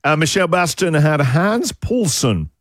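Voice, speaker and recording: A man's voice: on the high side, measured pace, over music. A man hosting a radio show, joking and laughing a lot as he reads out listener entries. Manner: jokey, laughs often, lively delivery. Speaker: radio host. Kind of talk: breakfast radio banter.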